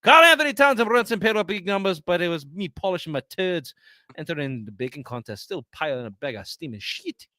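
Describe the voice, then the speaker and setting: A foul-mouthed Scottish sports ranter, put on by a man in a shaky accent that drifts Irish and French. He barrels through insults with a forceful, bright voice. The sound is dry and close. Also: sits high, expressive, no echo. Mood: mocking. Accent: mock Scottish, drifting Irish and French. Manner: loud, profane, rapid comic rant.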